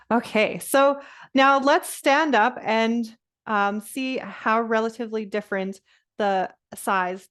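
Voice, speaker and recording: A woman's voice: medium pitch, fairly bright tone. A woman presenting a nature lesson to children over a video call, upbeat and encouraging, with laughs and fillers.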